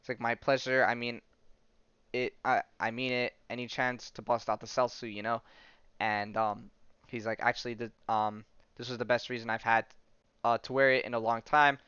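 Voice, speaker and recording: A man's voice: mid-range voice, level tone, normal speed, pushed and bright, smooth, no echo, lo-fi sound. A man hosting a podcast, casually recapping a comic book story and reading out its dialogue with frequent ums and restarts. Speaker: podcast host.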